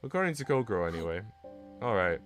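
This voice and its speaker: A man streaming, reading a visual novel aloud in an animated way with asides. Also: on the low side, fast talker. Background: faint game music.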